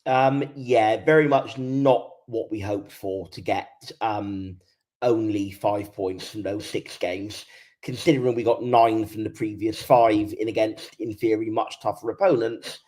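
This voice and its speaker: A man's voice: on the low side, steady tone, a little slow, a little mellow. A man on a fan podcast, giving candid football analysis and laying out his points in order. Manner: candid, structured argument. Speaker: podcast pundit. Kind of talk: casual football discussion.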